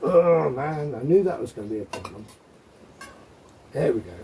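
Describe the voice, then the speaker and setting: A man's voice: medium pitch, very animated, normal speed, dark tone, slight background noise. A middle-aged man chatting casually as he demonstrates his gear, rambling with joking asides. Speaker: off-grid living vlogger.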